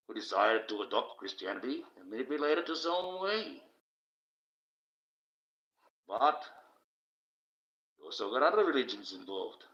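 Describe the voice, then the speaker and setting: A man's voice: fairly low pitch, sing-song, normal speed, long pauses, a bit bright. A man rambling on a livestream, talking casually and swearing freely. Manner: profane, rambling, conversational. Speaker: livestream host. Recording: dull, echoey room sound.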